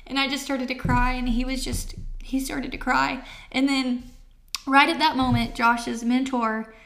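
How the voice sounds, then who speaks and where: A woman in her thirties giving a personal testimony as an interview guest, emotional and halting with many fillers, near tears. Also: sits high, flat delivery, gravelly, a bit bright.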